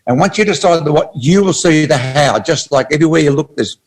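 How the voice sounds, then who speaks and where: A man's voice: a little high, animated, brisk, poor audio. An older man, a guest author speaking emphatically and often cutting in to correct his partner. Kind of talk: animated interview talk.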